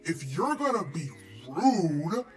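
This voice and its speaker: A woman's voice: on the low side, sing-song, takes it slowly, soft background music, voice pushed down. A woman imitating a rude male nail technician, speaking in a dismissive, clipped way. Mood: curt.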